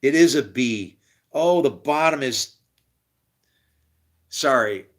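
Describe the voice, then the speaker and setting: A man's voice: mid-range voice, animated, slow pace. A man on a rambling live stream, exasperated, swearing and laughing as he talks to his viewers. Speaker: streamer studying scripture.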